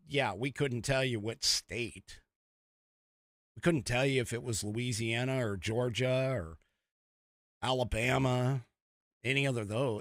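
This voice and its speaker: A man hosting a podcast, talking in a rambling, animated way with frequent chuckles as he gives casual political commentary. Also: medium pitch, no echo, studio quality. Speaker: podcast host.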